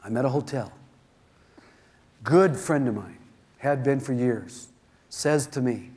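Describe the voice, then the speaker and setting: A middle-aged man giving a self-help seminar, telling stories in an animated way and acting out the voices in them. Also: mid-range voice, slow, pauses often. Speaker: seminar speaker.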